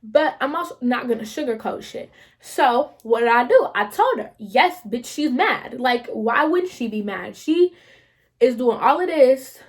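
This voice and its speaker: A young woman vlogger telling a story in a casual, slangy, animated way, swearing freely. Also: fairly high pitch, moderate pace.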